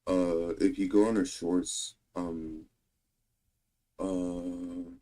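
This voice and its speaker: A man co-hosting a stream, low-key and hesitant as he chats about clips. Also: little pitch movement, very slow, dark tone, faint music behind. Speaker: stream co-host. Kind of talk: casual reaction chat.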